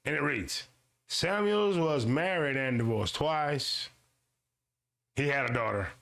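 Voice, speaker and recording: A man hosting a casual streamed commentary show, reading a web page aloud slowly and then breaking into quick asides to his audience, often repeating lines for emphasis. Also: a little high, gravelly. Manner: animated, swings between slow read-aloud and quick asides. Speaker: show host.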